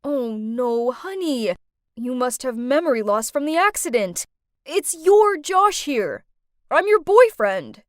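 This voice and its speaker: A woman voicing a gentle but creepy young man who speaks in a soft, coaxing, falsely caring way in an animated story. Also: high-pitched, takes it slowly, dry recording, studio quality, exaggerated voice.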